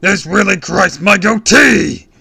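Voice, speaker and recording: A man voicing a booming, hot-headed, muscle-bound male villain who bellows every line. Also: takes it slowly, creaky, sharp tone, heavily acted. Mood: bellowing. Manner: bellowing, furious.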